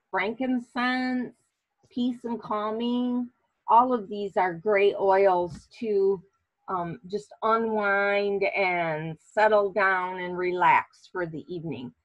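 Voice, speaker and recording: Woman teaching a casual class, slow unhurried pace, many ums, muffled lo-fi sound. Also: fairly high pitch. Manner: slow, relaxed, with many fillers. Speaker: class host. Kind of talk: casual online class presentation.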